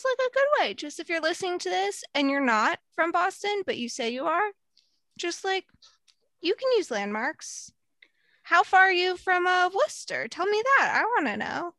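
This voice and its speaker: A woman's voice: high voice, expressive, moderate pace, pushed and bright, no room sound. A young woman from Long Island chatting bluntly and with strong opinions on a casual podcast. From Long Island, New York. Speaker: podcast guest.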